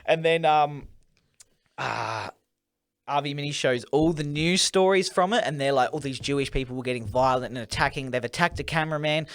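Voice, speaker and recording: A man co-hosting a loose, casual podcast, running through a story with plenty of swearing. His voice sits a little high for a man, and he slips into quick impressions of the people he talks about. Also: smooth. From Australia. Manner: rambling storytelling with heavy swearing. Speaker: podcast co-host.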